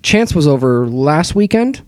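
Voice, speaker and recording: A young man telling animated stories in casual chat, swearing often and acting out other people in quotes. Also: a little high, a little slow, dry recording, clean studio sound.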